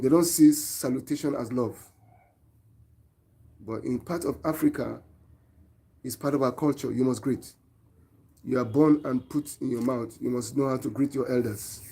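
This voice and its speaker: A man with a Nigerian accent speaks to his viewers in an earnest opinion monologue, preaching his view and throwing rhetorical questions at them. His voice is warm and mellow with a husky edge, pitched mid-range for a man. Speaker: online show host.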